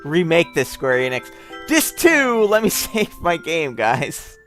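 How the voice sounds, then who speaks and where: A man's voice: on the high side, expressive, unhurried. A tipsy man hosts a let's play in casual commentary, rambling and tossing in joking asides. His close mic pops now and then, and faint game music plays behind him. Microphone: close mic with popping.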